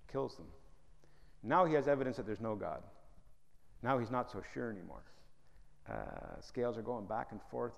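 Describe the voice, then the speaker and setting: Male preacher, gravelly voice, emphatic and humorous, echoing hall. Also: mid-range voice. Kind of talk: sermon. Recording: hall reverb.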